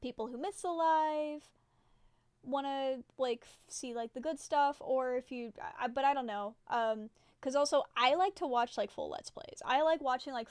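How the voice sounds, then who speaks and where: A young woman chats loosely with her live viewers, drifting from one thought to the next, filling gaps with "like" and frequent giggles. Her voice sits fairly high and comes across smooth and clear. The sound is dry and close. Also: darkish tone, no echo. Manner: rambling and giggly, many fillers like "like". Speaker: livestreamer. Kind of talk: casual chat with live viewers.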